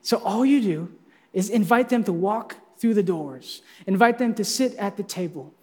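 A male pastor delivers a lively sermon in a fairly high voice. He teases his listeners with energy, and his words ring out with long reverb in a church hall. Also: normal speed, breathy edge. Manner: energetic, playful teasing of the congregation.

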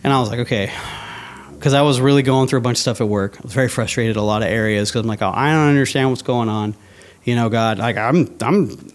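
A man's voice: mid-range voice, quick pace. Guy chatting in an interview, plain mid voice, telling a story and quoting himself with big jumps. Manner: animated, acts out his own past thoughts in quotes. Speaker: interview guest. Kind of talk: casual storytelling.

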